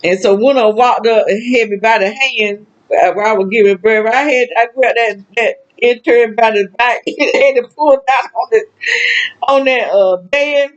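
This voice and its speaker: A woman's voice: fairly high pitch, normal speed, muffled recording. An older woman with a Southern US accent talking alone to the camera in a rambling, emotional way, feeling sad. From American South. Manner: rambling, emotional, with frequent laughs and exclamations. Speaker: vlogger. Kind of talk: casual personal monologue.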